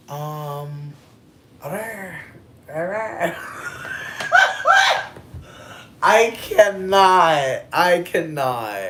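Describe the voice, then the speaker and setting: A woman in her thirties chatting casually on a livestream and answering chat, playful and profane, with drawn-out emphasis. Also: low voice, slight background noise. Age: 30s.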